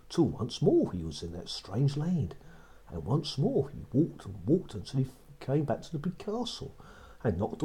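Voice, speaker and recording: A man's voice: medium pitch, dark tone, a little hiss or hum. A man narrating a children's story in a repetitive storybook manner. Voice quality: husky.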